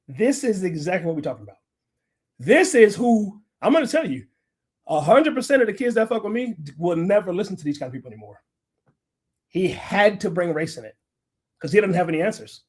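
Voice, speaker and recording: A man's voice: sits high, a little mellow. A middle-aged man hosting a livestream, lecturing and arguing with viewers in a combative, profane rant. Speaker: livestream host. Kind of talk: ranting livestream commentary.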